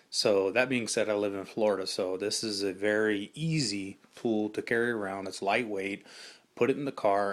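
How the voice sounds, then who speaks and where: A middle-aged man, a survival instructor, giving a casual, conversational talk with frequent fillers and restarts. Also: fairly low pitch.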